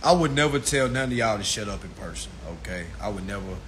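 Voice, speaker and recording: Male livestream ranter, preachy and profane, bright tone, faint room hiss. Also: lowish voice, expressive, fast. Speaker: livestream host. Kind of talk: ranting casual livestream monologue. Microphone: phone livestream.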